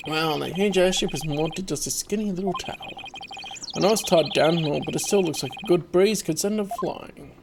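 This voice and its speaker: A woman's voice: lowish voice, fairly quick, background noise. A woman hosting a casual game playthrough, reading along and commenting in an amused way. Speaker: gaming host.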